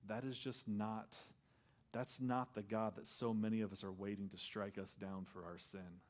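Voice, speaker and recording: A male pastor preaching a sermon in a conversational style, acting out quoted lines and dropping to a soft near-whisper on key words. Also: fairly low pitch, level tone, normal speed.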